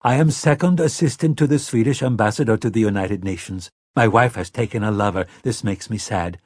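A man's voice: on the low side, no room sound, studio quality, natural voice. A man doing a spellbound Scandinavian diplomat. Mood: entranced. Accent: faint Scandinavian. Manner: slow, spellbound, oddly candid. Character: dazed, dreamy older male diplomat, entranced. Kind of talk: audiobook character voice.

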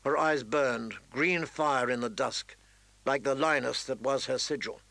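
A man narrating a fantasy novel in a measured, expressive reading. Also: mid-range voice, vocal fry, dry recording, rough recording. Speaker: audiobook narrator.

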